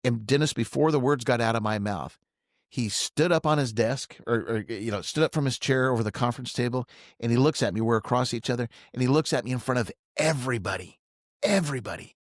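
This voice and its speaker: A middle-aged man telling a story from his own career in a casual chat, animated and vivid, acting out each remark. His pitch sits in the middle and he is recorded close and dry, with no room sound. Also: fairly quick, dry recording. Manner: animated, acts out quoted dialogue. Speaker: financial advisor, podcast guest.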